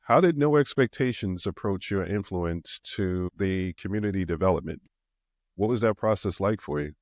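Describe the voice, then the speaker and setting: A man with a New York accent hosts a podcast interview in a smooth, radio-style voice. His voice sits very low. He sounds upbeat and welcoming, and the recording is close and dry with no room sound. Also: normal speed, dry recording. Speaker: podcast host. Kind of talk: interview hosting.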